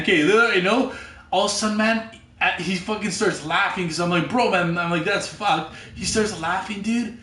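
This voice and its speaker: A man telling a story casually, rambling, repeating himself and swearing constantly, sometimes getting loud and excited. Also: on the high side, fairly quick, echoey room, distant mic. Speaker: podcast storyteller.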